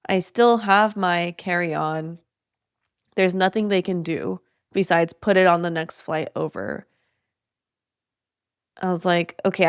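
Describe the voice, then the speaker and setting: A young woman hosting a podcast, telling a travel story in a chatty, animated way with many fillers. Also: mid-range voice, smooth, dry recording, studio quality. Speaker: podcast host. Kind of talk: casual storytelling monologue.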